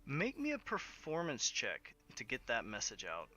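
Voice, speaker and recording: A man's voice: medium pitch, wildly swooping pitch, normal speed, pushed and bright. A man narrating as game master of a tabletop game, thinking aloud with plenty of hesitant fillers.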